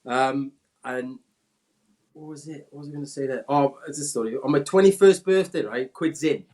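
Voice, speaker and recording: A Welsh man in his forties, a former footballer, telling animated anecdotes in casual chat and mimicking people in a raised voice. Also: normal speed. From Wales. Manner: animated anecdotes, acts out quotes in a high voice. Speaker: former footballer, podcast guest. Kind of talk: casual storytelling.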